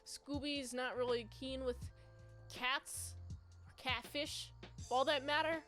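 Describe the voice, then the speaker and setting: A woman's voice: high-pitched, fairly even intonation, slow, a bit bright, faint music behind. A woman giving a casual, playful, rambling movie review.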